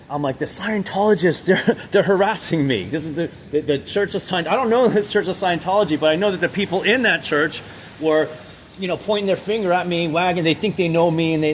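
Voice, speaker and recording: Guy ranting off the cuff, kinda high voice, keeps restarting sentences, really emphatic. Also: slight background noise. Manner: rambling, halting delivery with frequent restarts and fillers; intense, emphatic. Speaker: vlogger. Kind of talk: unscripted monologue.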